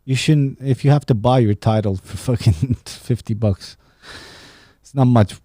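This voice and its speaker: A man's voice: mid-range voice, unhurried, dark tone, no room sound, clean studio sound. A young man hosting a casual solo podcast, rambling and swearing, laughing at his own jokes. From Romania. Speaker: podcast host. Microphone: studio podcast mic.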